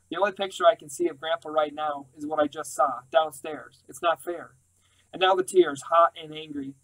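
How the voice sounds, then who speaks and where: A man narrates a first-person story in a slightly higher-than-usual voice. His reading is intimate and emotional, staying close to the character's feelings. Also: fairly bright tone, poor audio. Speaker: audiobook reader.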